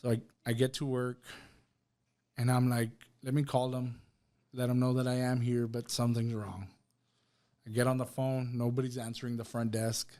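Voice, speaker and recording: A man's mellow, medium-pitched voice comes across flat, at a normal speed. He's a podcast guest telling a personal story conversationally, retelling it with quoted lines and peppering it with "right?" and "bro."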